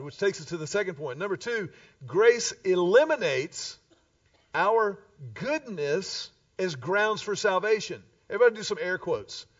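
A man preaching a sermon, an animated storyteller who acts out the voices of the people in his stories. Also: high voice, dry recording. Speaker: pastor. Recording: distant dull live recording.

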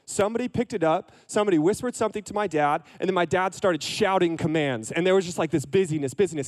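A man's voice: high voice, quick pace, few pauses, darkish tone. A young man who leads youth ministry, giving a casual storytelling sermon in a chatty, self-deprecating way with many fillers and restarts.

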